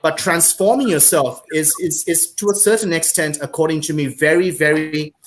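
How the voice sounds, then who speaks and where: A man's voice: fairly high pitch, normal speed, slight background noise. A man hosting a live-streamed panel over a video call, effusive and repeating his words and thanks as he welcomes guests. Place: Singapore.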